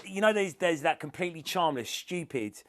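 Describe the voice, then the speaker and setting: A man's voice: fairly high pitch, animated, a little fast, fairly bright tone. A man co-hosting a podcast, making blunt, sweary remarks in casual chat. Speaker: podcast co-host.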